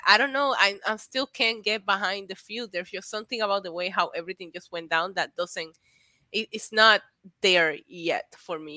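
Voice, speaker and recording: A woman's voice: medium pitch, no echo. A woman co-hosting a podcast, talking animatedly and acting out quotes in casual chat about wrestling. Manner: animated, laughing, acts out quotes. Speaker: podcast co-host.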